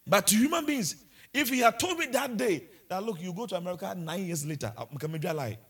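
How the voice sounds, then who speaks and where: A man preaching a sermon, telling personal stories with lively, stammering restarts. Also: high voice, fast talker, slightly rough.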